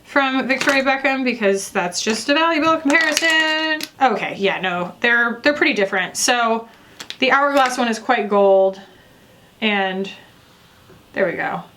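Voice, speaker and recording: A woman's voice: fairly high pitch, lively intonation, measured pace, sharp tone, a little hiss or hum. A young woman beauty reviewer chatting casually and rambling with lots of fillers while doing her makeup.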